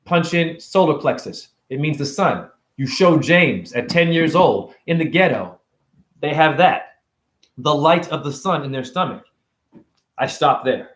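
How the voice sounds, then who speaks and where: A man's voice: fairly high pitch, expressive, unhurried, a bit bright. A middle-aged man, a self-styled spiritual teacher, giving a profane, confrontational freestyle lecture. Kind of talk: freestyle preachy rant. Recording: echoey room.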